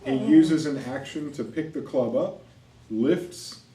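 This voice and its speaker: A man running a tabletop game as game master, narrating and ruling on rolls in a relaxed, wry way. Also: mid-range voice, slow. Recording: roomy echo, mic at a distance, faint noise.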